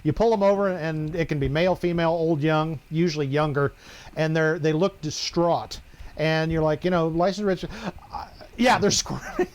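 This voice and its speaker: A man's voice: a little high, moderate pace. A middle-aged man, a former police officer, telling wry stories in a casual podcast chat. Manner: wry, joking storyteller.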